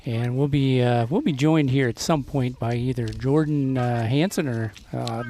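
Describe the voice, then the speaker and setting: A man announcing a live local event on a microphone, halting often with filler pauses as he reads names off a list. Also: mid-range voice, dark tone. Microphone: handheld microphone.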